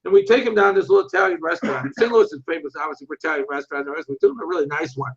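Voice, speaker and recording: An older man with a high-pitched voice tells animated stories in a casual interview. He acts out what other people said and swears freely. The recording sounds muffled and lo-fi. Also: very fast, vocal fry. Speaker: interview guest, martial arts instructor. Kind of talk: casual storytelling.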